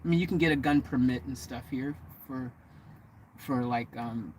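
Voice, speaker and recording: American man, vanlife vlogger, casual and rambling, medium pitch, faint vehicle noise behind. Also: moderate pace, darkish tone, low-quality recording. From United States. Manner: chatty, meandering, self-correcting. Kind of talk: casual chat to camera. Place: living in a vehicle.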